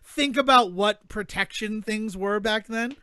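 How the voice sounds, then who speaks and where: High-voiced man, rambling storyteller. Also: unhurried, pushed and bright, clean tone, dry recording. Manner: rambling storyteller, chuckles often. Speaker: podcast co-host. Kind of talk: casual chat.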